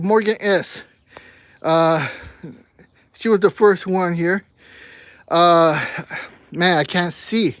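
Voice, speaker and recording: A man in his sixties talks slowly in a breathy, winded voice on his own gardening livestream, his words clipped short. He is blunt and complaining as he reads viewer comments. The sound is dry and close, with no room around it. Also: sits high, a bit bright, no echo. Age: 60s. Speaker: gardening channel host.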